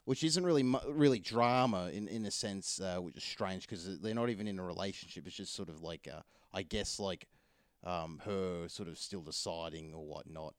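A man's voice: low voice, moderate pace, smooth, dry recording, clean studio sound. A man chatting casually about films, rambling with lots of fillers and restarts. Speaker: film reviewer. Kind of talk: casual film review chat.

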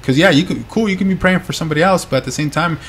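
A man's voice: a little high, rapid-fire, slight background noise. A man hosting a casual faith podcast, laid-back and joking, often asking "you know what I mean". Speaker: podcast host.

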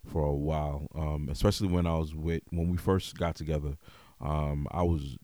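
A man hosting a podcast, talking openly in a relaxed way full of "yo" and "you know what I mean". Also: rumbling low, normal speed, no room sound. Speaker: podcast host. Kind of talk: casual podcast chat.

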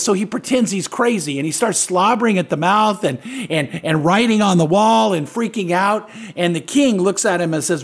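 A man's voice: high-pitched, animated, moderate pace. A middle-aged man, a pastor, retelling a Bible story in an earnest, conversational way and asking his co-host questions. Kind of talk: conversational preaching.

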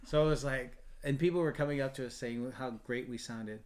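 A man with a mid-range voice tells a story in a relaxed podcast conversation. He is animated and quotes other people in lively voices. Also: mid-range voice, fairly quick. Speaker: choir founder and guest. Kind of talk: storytelling in a casual podcast chat.

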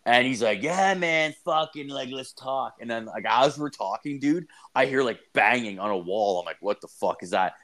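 A man's voice: fairly low pitch, brisk, hardly any pauses, a bit bright. Rambling foul-mouthed young man. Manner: rambling, swears constantly, acts out quotes in raised voice. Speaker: podcast co-host. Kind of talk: casual profane chat.

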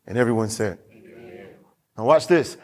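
This male pastor's sermon is emphatic, with lines repeated to hammer in each point as he alternates between ordinary speech and scripture read aloud. He talks a little fast, in a voice pitched somewhat high for a man.

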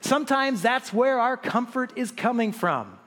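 A man preaching a sermon as pastor, animated, with many restarts and rhetorical questions to the congregation. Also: very high voice, measured pace, in a large hall.

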